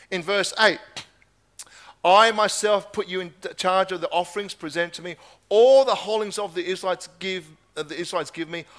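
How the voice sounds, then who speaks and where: A man with a high voice and fairly bright tone preaches a sermon, reading scripture passages aloud and driving his points home by repeating them emphatically.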